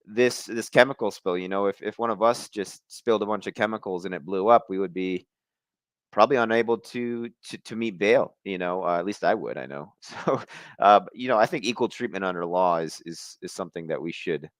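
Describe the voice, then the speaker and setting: Man, field reporter, calm and measured, smooth low voice, dry sound. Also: no room sound. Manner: measured, thoughtful, chuckles now and then. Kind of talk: casual podcast interview.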